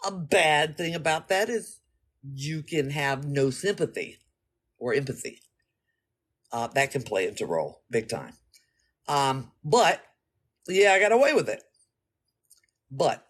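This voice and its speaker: Husky, lively-voiced blunt woman. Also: sits low. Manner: blunt, profane, acts out her own reactions. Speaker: vlogger. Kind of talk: casual talk to camera.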